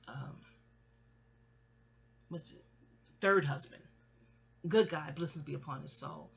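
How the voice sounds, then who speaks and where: Husky lady in her 40s venting family drama, keeps trailing off and starting over. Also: low voice, sharp tone. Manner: rambling, trails off and restarts, mimics people in quotes. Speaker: storyteller. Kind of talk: candid family storytelling.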